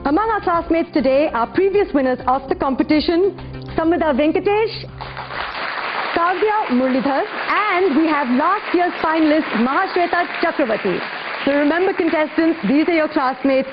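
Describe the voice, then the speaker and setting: A woman hosting a spelling competition, speaking in a clear, measured and encouraging way. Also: high voice. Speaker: quiz host. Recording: dull lo-fi broadcast audio with faint music.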